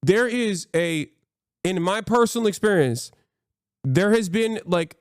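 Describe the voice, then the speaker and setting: A male streamer recaps a TV episode for his chat in loose, profane, animated talk. He leans on fillers and restarts. His voice sits at a middle pitch with a dry, close sound. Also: no room sound. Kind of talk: casual reaction commentary.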